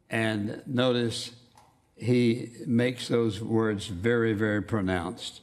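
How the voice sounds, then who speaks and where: A man preaching a sermon, reading scripture aloud and stressing key words with slow emphasis. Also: medium pitch, darkish tone. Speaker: pastor. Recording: long hall reverb.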